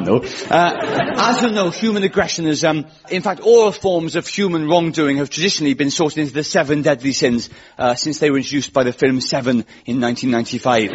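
A Welsh man in his twenties hosting a comedy show, delivering a rambling, self-mocking stand-up monologue. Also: a little high. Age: 20s. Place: radio studio with live audience. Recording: lo-fi with loud audience laughter.

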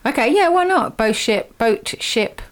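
A woman's voice: fairly high pitch, lively intonation, a little slow. A woman hosting a chatty, playful slang lesson for a group, laughing often as she teases and encourages them. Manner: laughs a lot, teasing and upbeat. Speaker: host teaching slang to a group.

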